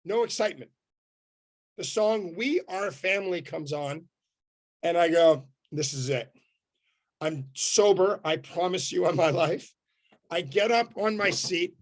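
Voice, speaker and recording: High-voiced energetic Canadian man. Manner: punchy short sentences, animated. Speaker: motivational speaker. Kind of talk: energetic storytelling talk.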